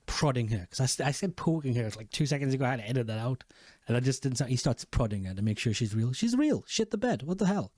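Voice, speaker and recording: A video host recaps a show in loose, rambling reaction commentary, swearing freely and pausing to correct himself. His voice is medium-pitched and mid-register with a darkish tone. It's recorded close and dry, with no room sound.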